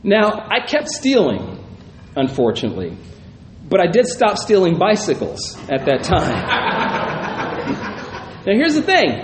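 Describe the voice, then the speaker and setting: High-voiced man teaching in a roomy hall. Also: wildly swooping pitch, measured pace, pauses often. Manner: reads scripture, then muses aloud with frequent "right?" asides. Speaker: pastor. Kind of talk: conversational Bible teaching. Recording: roomy echo, faint background noise.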